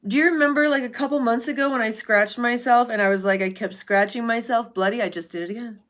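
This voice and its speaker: Talking with viewers on a casual livestream, this host speaks quickly in a fairly high, fairly bright voice. She's blunt, curses freely and calls out viewers by name.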